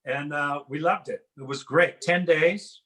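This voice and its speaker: A man's voice: on the high side, measured pace, noisy background. A middle-aged man performing a conversational, self-deprecating stand-up set from his home over a video call. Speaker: stand-up comedian. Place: home in a house.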